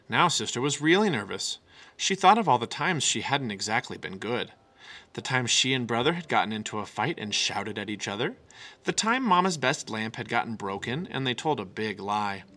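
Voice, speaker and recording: A man reading a children's picture book aloud with an expressive, animated delivery. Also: mid-range voice, normal speed. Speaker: storyteller.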